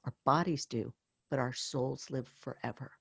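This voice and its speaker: A woman's voice: a bass voice, fairly even intonation, moderate pace, gravelly, a bit bright, breathy edge, no room sound, clean studio sound. A woman working as a hospice and bereavement counselor, talking earnestly about faith and telling stories from her work. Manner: earnest, storytelling, spiritual. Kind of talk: conversational interview.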